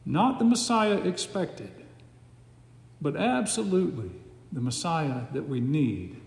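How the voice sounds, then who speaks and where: Male preacher, slow and deliberate, slightly high voice, echoing church hall. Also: expressive, gravelly. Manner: slow, emphatic cadence with dramatic pauses. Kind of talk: sermon. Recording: echoey hall with long reverb.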